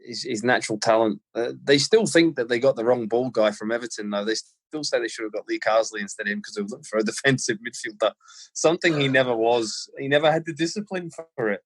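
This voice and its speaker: An Australian man in his thirties, a former footballer, telling lively anecdotes as a guest in an interview. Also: mid-range voice, fast talker. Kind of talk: casual storytelling interview.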